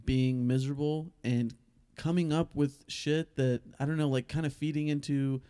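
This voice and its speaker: Young man, podcast co-host, hesitant halting chat, dark voice, dry close sound. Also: a little high, fairly even intonation, clean tone, no room sound. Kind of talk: casual chat.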